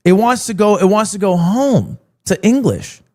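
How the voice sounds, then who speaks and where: A man's voice: high-pitched, normal speed. A young man streamer telling stories in casual chat, acting out quotes as he goes. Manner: animated storytelling with mock quotes.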